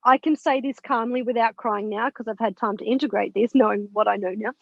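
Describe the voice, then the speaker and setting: Podcast guest: frank, lively woman with a high voice, on a dull lo-fi recording. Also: brisk, gravelly, no echo. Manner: animated, candid, swears and laughs while recounting. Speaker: podcast guest, spiritual mentor. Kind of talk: personal storytelling in an interview. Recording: dull lo-fi, dry sound.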